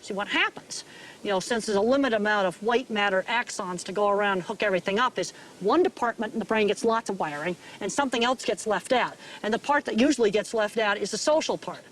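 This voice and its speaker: A woman speaks in a plain, direct interview voice, laying out her ideas point by point. Her pitch sits in the middle, and faint hiss runs underneath. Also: fast. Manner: direct, plain-spoken, explaining. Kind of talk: interview talk.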